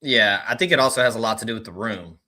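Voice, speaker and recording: A man guesting on a sports podcast as a recruiting analyst, talking in relaxed, filler-heavy casual chat. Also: fairly low pitch, quick pace.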